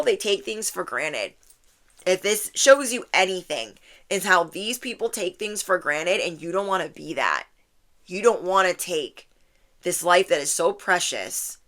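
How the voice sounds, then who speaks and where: A woman in her thirties gives a channeled tarot reading in a bright, forceful voice. She is animated and playful. She acts out her listeners' inner thoughts in quick little voices and laughs often. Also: lowish voice. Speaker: tarot reader.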